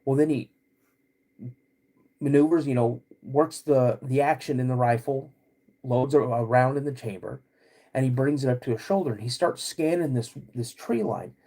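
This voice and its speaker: A man hosting a podcast, recounting a personal encounter in a halting way, often restarting and searching for words. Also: medium pitch, gravelly, mellow. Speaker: podcast host.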